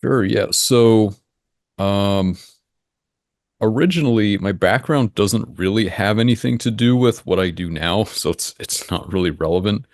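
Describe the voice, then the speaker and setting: Low-voiced man, calm and matter-of-fact. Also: dry recording, clean studio sound. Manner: measured, matter-of-fact, thinks aloud. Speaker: interview guest, engine simulation creator. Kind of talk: casual interview answers.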